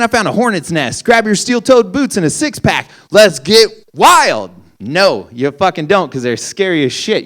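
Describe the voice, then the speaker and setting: A young man performing a stand-up comedy set, ranting incredulously with lots of swearing. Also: mid-range voice. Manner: profane, incredulous, ranting punchlines.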